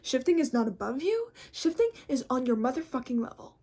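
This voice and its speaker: A woman's voice: high voice, big pitch swings, brisk, dark tone. A woman hosting a casual vlog, talking bluntly and animatedly and swearing constantly. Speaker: host.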